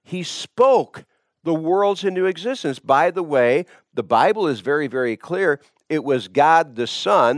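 A man preaching a sermon, emphatic and repetitive, building his points through deliberate repetition. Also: fairly high pitch, no echo, clean studio sound.

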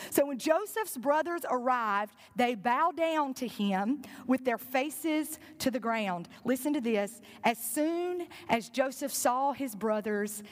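A woman preaching a sermon, retelling a story with earnest directness and asking her congregation questions. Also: sits high. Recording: long reverb in a large hall.

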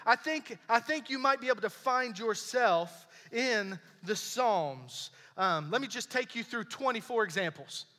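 Young male pastor, high bright voice, chatty but emphatic sermon, church hall reverb. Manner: conversational, emphatic preaching with repetitions. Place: church sanctuary.

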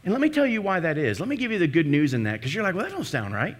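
A man's voice: on the high side, huge pitch swings, very fast. A man preaching a sermon to his church, emphatic, with repeated phrases and rhetorical questions. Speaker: pastor.

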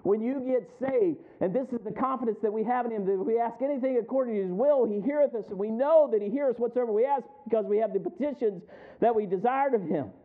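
Man, pastor, preaching, emphatic call-and-response, high-pitched, thin phone-like sound. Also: fast. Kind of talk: sermon.

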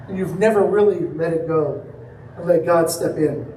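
A man's voice: high-pitched, fairly even intonation, moderate pace, dark tone, a little hiss or hum. A man preaching a sermon, telling a story and acting out the quoted lines. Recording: echoey room from a distance.

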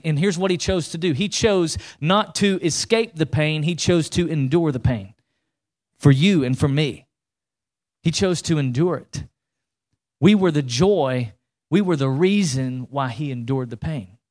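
A man, preaching to his congregation in a conversational, animated way, repeating words and asking the room questions. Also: on the high side. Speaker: pastor. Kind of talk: sermon.

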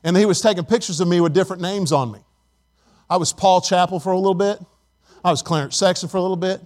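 High-voiced man preaching a sermon. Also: fast talker, darkish tone. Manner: emphatic preaching with audience call-and-response. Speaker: pastor.

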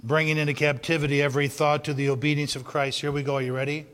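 Male pastor, fairly high forceful voice, emphatic repeating delivery, big hall reverb. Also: flat delivery, fast talker. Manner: preaching with emphatic repetition, swinging from loud shouts to low intensity. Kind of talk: sermon.

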